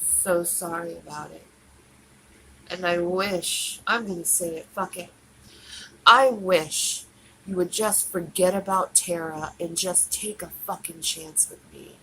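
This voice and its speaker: A woman's voice: fairly low pitch, takes it slowly, bright, forceful tone, slight background noise, rough recording. A woman speaking alone on a livestream, tearful and pleading, repeating herself over and over. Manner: pleading and repetitive. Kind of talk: emotional livestream monologue.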